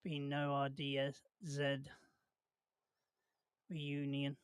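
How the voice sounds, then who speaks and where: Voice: medium pitch, monotone, very slow, smooth, dry recording, studio quality. A host, chatting casually on a live watch-along stream, rambling and jokey, laughing often and putting questions to the chat.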